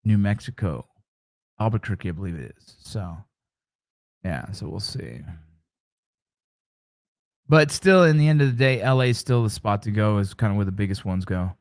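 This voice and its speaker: A man's voice: on the low side, very animated, normal speed, long pauses, a little mellow, dry recording, clean studio sound. A man hosting a casual live stream, chatting with viewers, joking and telling stories. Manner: joking, storytelling, reacting to chat.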